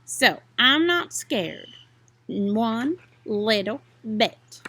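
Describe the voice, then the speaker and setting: A woman voicing a young, forgetful boy possum who scares easily, in high breathless exclamations. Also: sing-song, extremely slow, bright, forceful tone, no echo, exaggerated voice. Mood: frightened.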